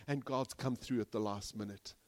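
A man preaching a sermon as pastor, swinging from hushed to loud and acting out the people in his stories. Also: fairly low pitch, moderate pace. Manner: animated, swings from hushed to loud, acts out quoted characters. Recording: long reverb of a large hall.

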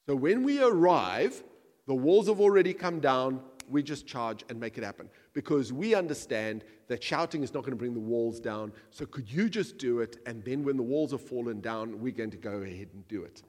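A man preaching a sermon to his church, animated and humorous, acting out imagined voices and asides. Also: medium pitch, moderate pace, long reverb tail. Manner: animated, acts out quoted voices, jokes with the congregation. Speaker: pastor.

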